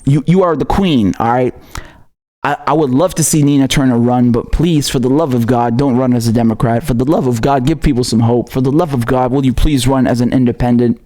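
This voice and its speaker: Speaking a little fast in a dark-toned, medium-pitched voice, a non-US livestream host reads out viewer messages on politics. He launches into furious, profanity-heavy rants, laughing along the way.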